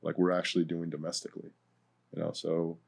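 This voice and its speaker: A man's voice: low-pitched, completely flat delivery, fairly quick, vocal fry, breathy edge. A man as a guest in a casual discussion, rambling and hesitant, full of fillers like "like" and "right".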